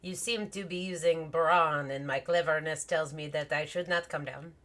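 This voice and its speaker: A woman's voice: sits low, steady tone, a bit bright, voice pushed down. A woman voicing a sly, clever little cat who taunts the players from a tree in a tabletop game. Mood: smug. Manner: smug, drawn-out taunting.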